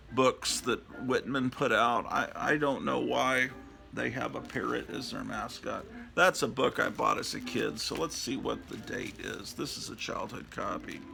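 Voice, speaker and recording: Slow, very gravelly man in his fifties. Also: mid-range voice, sharp tone, poor audio. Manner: rambling, reminiscing, many fillers. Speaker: comic book collector and host. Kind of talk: casual show-and-tell monologue. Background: background music.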